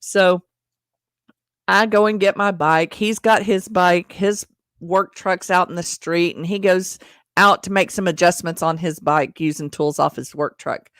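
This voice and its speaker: A woman's voice: fairly low pitch, fairly even intonation, measured pace, a bit bright, clear, resonant tone, no room sound, studio quality. Chatty woman telling a funny story. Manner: chatty, self-deprecating, talks straight to viewers. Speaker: vlogger telling a personal story. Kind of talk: casual storytelling to camera.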